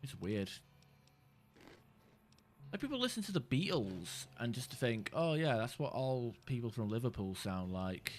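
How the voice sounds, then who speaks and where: A man's voice: mid-range voice, very animated, a little slow, a little hiss or hum. A man streaming a game, chatting casually in a rambling, sweary way that keeps cutting himself off. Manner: rambling, sweary, self-interrupting. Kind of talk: casual gameplay chat.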